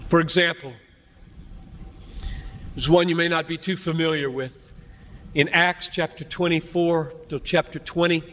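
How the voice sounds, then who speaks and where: A man's voice: on the high side, a bit bright. A man in his fifties preaching to a large youth gathering, earnest and emphatic, building his points through repetition. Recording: long hall reverb.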